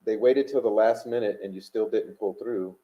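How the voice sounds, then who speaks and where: A man's voice: fairly low pitch, normal speed. A man hosting a livestream, reading chat and super chats aloud in rambling, combative talk full of fillers. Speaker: livestream host. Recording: dull lo-fi stream audio.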